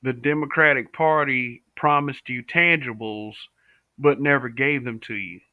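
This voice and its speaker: A man's voice: medium pitch, measured pace, no room sound. A man from the American South hosting a casual live stream, speaking bluntly and answering viewers' comments. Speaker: livestream host. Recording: tinny, dry home-stream audio.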